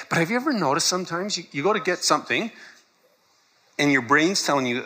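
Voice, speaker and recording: Bright-voiced male pastor preaching. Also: fairly high pitch, lively intonation, normal speed, pauses often. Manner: conversational, laughs often, acts out quotes. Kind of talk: sermon.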